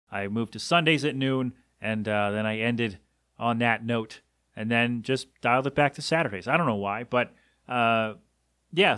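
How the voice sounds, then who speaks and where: A man's voice: medium pitch, bright, forceful tone, no room sound. Casual rambling male podcast host, dry sound. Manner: rambling, self-deprecating, loose storytelling with many fillers.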